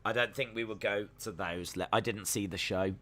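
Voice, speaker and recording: A man's voice: lowish voice, steady tone, normal speed, fairly bright tone. A young man hosting a live stream, casually reacting to a wrestling show and reading chat messages aloud. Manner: chatty, jokey, talks to chat while watching.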